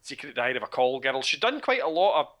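Casting note: man, bright tense voice, opinionated podcast co-host. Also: medium pitch, fast. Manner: animated, opinionated, swears casually. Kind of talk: casual chat about a TV show.

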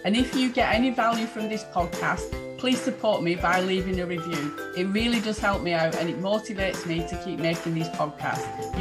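A woman with a Lancashire accent hosts a podcast interview. She is chatty and enthusiastic, and her voice sits at a middle pitch. She talks over a video call. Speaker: podcast host. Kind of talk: casual interview chat.

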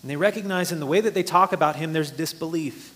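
Earnest high-voiced male preacher. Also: fast talker, fairly bright tone. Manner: earnest, explanatory, rises for emphasis. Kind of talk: sermon.

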